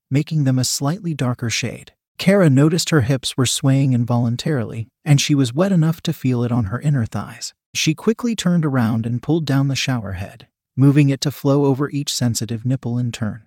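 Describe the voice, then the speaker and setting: Male narrator, steady even reading, mid-pitched voice, dry close sound. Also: normal speed, hardly any pauses, husky, no room sound. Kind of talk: scripted story narration.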